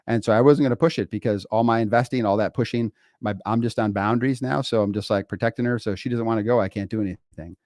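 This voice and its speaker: A man's voice: on the low side, fast talker, a little mellow, no room sound, studio quality. A man in his forties co-hosting a motivational podcast, talking casually and emphatically and repeating words as he goes. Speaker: podcast co-host. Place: home studio. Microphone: remote streaming setup.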